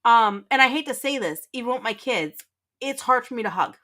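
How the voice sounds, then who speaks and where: A woman's voice: a little high, expressive, fairly quick, sharp tone. A woman hosting a casual livestream, reading chat aloud, teasing and laughing often, rambling with restarts. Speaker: livestream host.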